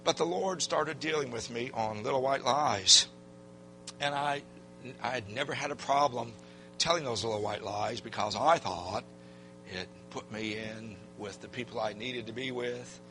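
An older man preaching a sermon as a pastor, telling a personal story in a folksy, animated way and acting out what people said. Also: medium pitch, unhurried, soft background music.

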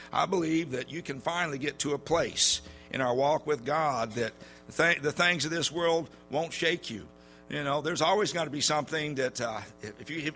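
A man preaching a sermon in a church, telling stories in a folksy way with many halting fillers. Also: on the high side, sharp tone.

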